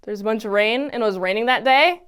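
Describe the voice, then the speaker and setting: A woman giving a casual, animated recap of a TV episode, often exclaiming and acting out the characters' lines. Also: fairly high pitch, fast, clean tone. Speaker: TV episode reviewer.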